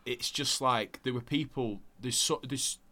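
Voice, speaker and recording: A man in casual chat, excitable and jokey, swearing freely. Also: mid-range voice, unhurried.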